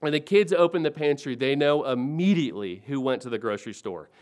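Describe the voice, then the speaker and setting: A man in his forties preaching a sermon, swinging between hushed and emphatic lines and building on repeated phrases. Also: mid-range voice, expressive, brisk. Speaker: pastor.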